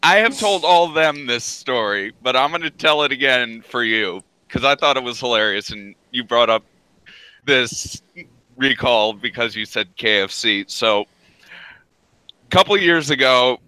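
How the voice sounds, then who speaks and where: Male host, slow anecdotal delivery, bright tense tone. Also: mid-range voice, smooth, no echo, low-quality recording. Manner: slow, drawn-out anecdote telling. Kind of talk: casual storytelling.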